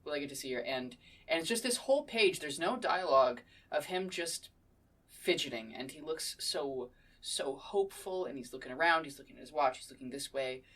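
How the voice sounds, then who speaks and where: A woman with a low voice co-hosting a casual podcast chat, joking around and swearing freely. She sits a little back from the microphone, so her voice comes across slightly distant. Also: lively intonation, moderate pace, a bit bright. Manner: playful, swears freely, laughs often. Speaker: podcast co-host.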